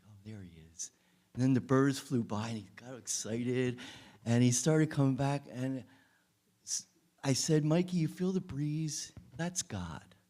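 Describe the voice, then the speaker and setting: A man, a guest musician, telling a personal story before his song in a gentle, earnest, soft-spoken way. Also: medium pitch.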